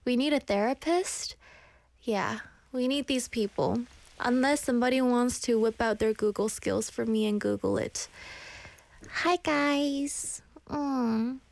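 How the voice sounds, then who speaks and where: A woman's voice: a little high, unhurried, gravelly, a little mellow, no room sound. A woman in her twenties hosting a casual live radio show, chatty and self-deprecating, a little out of breath as she reads listener comments. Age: 20s.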